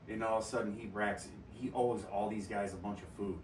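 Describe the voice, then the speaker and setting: A man's voice: on the low side, fairly even intonation, brisk, recorded from a distance, slight background noise. A man hosting a podcast in casual chat, telling profane stories and laughing often. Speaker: podcast host. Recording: roomy echo from off-mic, faint ambience.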